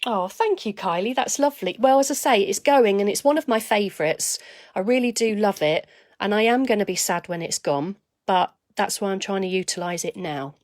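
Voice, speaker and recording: A woman hosting a live papercraft demonstration, chatting to viewers by name as she stamps and dropping to quiet asides while she works. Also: mid-range voice, moderate pace. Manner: chatty, greets viewers by name mid-task.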